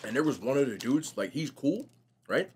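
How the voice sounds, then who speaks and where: A young man vlogging casually while eating, telling stories in a slangy, animated way. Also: medium pitch, normal speed, a little hiss or hum. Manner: animated, slangy storytelling, says bro a lot. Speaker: mukbang vlogger.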